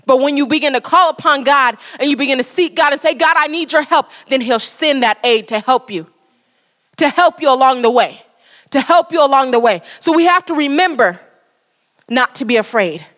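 Woman preaching, high voice, keeps hammering the same lines, fired up. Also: lively intonation, normal speed, a bit bright, in a large hall. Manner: fervent, repetitive exhortation. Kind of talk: sermon.

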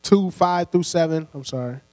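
A man with a high voice preaches a sermon. His delivery is conversational and full of call-and-response, with light laughs between points. His voice rings with long hall reverb over a steady mains hum. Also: moderate pace. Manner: call-and-response, prompting the congregation.

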